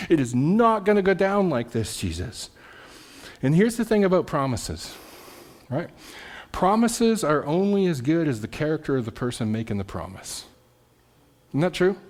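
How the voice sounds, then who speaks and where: A man preaching a sermon as pastor, telling the story with animation, repeating words and checking in with "right?". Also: high-pitched. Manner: repeats words and restarts mid-phrase.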